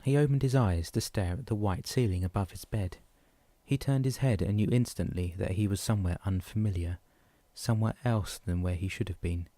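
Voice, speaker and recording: A man narrating a novel chapter in a steady, even reading voice. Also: fairly low pitch, a little fast, no echo. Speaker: audiobook narrator. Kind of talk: audiobook narration.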